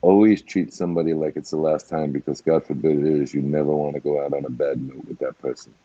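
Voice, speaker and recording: A man's voice: rumbling low, fairly even intonation, fast, dark tone, no echo, lo-fi sound. A middle-aged man speaking as a guest in a candid, emotional conversation, blunt and swearing freely with lots of "you know.". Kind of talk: emotional casual talk.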